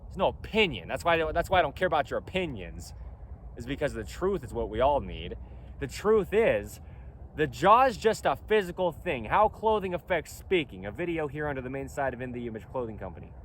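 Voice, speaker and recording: A man's voice: medium pitch, sing-song, fairly quick. A company founder talking outdoors in a casual vlog, speaking emphatically and insistently while repeating his points. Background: faint wind and traffic noise.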